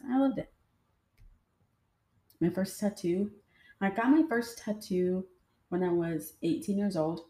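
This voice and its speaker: A woman's voice: on the low side, mellow. A woman host telling personal stories in a casual, chatty way, speaking straight to her listeners. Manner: chatty, addresses listeners directly. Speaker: podcast host. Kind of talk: casual storytelling. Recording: roomy echo.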